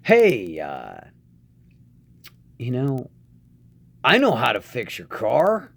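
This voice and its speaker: A folksy rural know-it-all, put on by a man, drawls out bad advice in a Southern American accent. His voice is bossy and swings lively in pitch. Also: drawn-out words, vocal fry, heavily acted.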